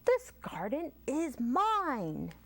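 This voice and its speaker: A woman's voice: high voice, wildly swooping pitch, no echo, pitched above the performer's own voice, exaggerated voice. A woman voicing a weary earthworm who sighs its claim to the garden, in a storybook reading. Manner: sighing, drawn-out.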